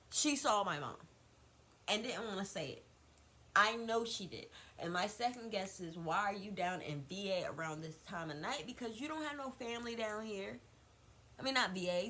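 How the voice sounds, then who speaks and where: A young woman vlogger telling a gossipy storytime, animated and repetitive, swearing freely. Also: medium pitch, a little hiss or hum, low-quality recording.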